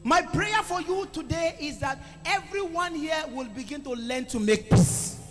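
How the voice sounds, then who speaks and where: A man preaching a sermon to a congregation, calling for responses and swinging between loud exclamations and quiet asides. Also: very high-pitched, unhurried. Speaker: pastor. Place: church hall. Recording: echoey church hall with music.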